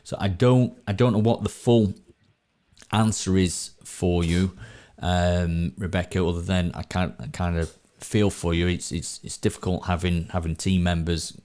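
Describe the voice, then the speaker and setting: Brief: man, low voice, easygoing host who stumbles and restarts often. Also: flat delivery, unhurried, a little mellow. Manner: chatty, repeats words, frequent restarts. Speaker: podcast host. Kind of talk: casual live-stream chat. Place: at home.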